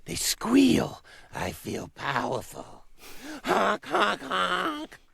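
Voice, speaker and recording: A man voicing a loud, gleefully mean male goose that honks and brags about menacing people. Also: very high-pitched, huge pitch swings, a little slow, gravelly, dry recording, pitched above the performer's own voice, exaggerated voice. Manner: honking, gleefully mean, squealing laughs.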